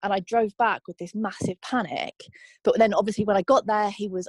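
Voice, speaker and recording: A young woman recounts her own experience in an interview, candid and reflective, often pausing on ums and likes. Her voice sits at an ordinary middle pitch. The recording is dry and close, with no room sound. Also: dry recording. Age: young adult. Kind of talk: personal testimony interview.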